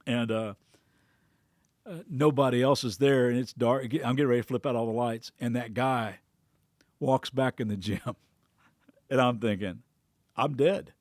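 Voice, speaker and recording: A man's voice: medium pitch, fairly even intonation, moderate pace, long pauses, a little mellow, no echo, clean studio sound. A middle-aged man, a pastor hosting a devotional podcast, tells a personal story in a chatty way, with frequent restarts and quotes he acts out.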